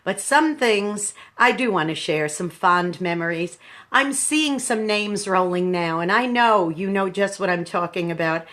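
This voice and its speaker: In her sixties and grieving, a radio station manager talks live to her viewers, whom she calls "boys and girls," in a reflective, halting manner. Her mid-range voice is expressive with a fairly bright tone.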